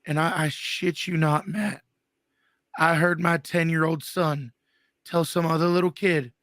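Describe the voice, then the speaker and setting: A man's voice: a little high, steady tone, fairly bright tone, no room sound, studio quality. A man in his thirties, guest host, telling crude, joking stories in a casual chat. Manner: profane storytelling, quick and joking.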